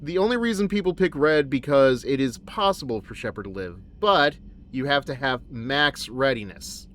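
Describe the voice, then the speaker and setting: A man streaming a game who talks in a rambling, animated way and often corrects himself mid-sentence. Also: mid-range voice, normal speed. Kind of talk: casual game commentary.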